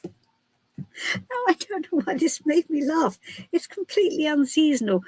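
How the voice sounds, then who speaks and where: A woman's voice: high-pitched, expressive, a little slow, darkish tone, no echo. A British woman hosting a live tarot stream, chatting casually in a rambling, giggly way. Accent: British English. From Britain.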